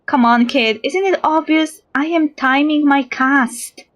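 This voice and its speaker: A woman reading lines for a boastful male island angler, in a plain, unhurried voice. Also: high voice, fairly bright tone.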